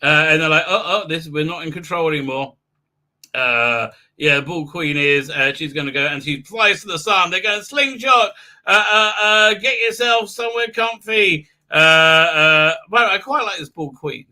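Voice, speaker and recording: A man's voice: a little high, pushed and bright. A man hosting a live stream, recapping a TV episode with mocking humor, acting out scenes with silly voices and sound effects, with many hesitant fillers.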